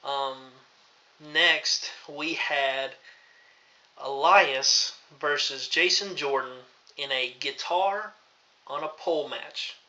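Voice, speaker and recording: A man from Tennessee hosting a casual review vlog, rambling with many pauses and restarts. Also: fairly high pitch, pushed and bright. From Tennessee, USA. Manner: rambling, lots of ums and restarts. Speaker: host. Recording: dull lo-fi recording.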